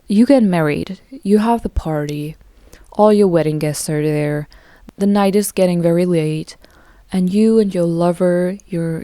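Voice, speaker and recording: Playful chatty young woman, low mellow voice. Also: no echo, studio quality. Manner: chatty, playful, self-mocking. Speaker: podcast host. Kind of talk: casual monologue.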